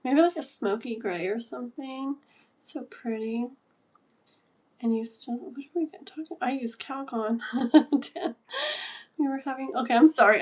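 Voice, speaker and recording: A woman's voice: fairly high pitch, a little mellow. A woman in her thirties hosting a casual livestream, chatting and giggling while reading comments aloud. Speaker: livestream tarot host.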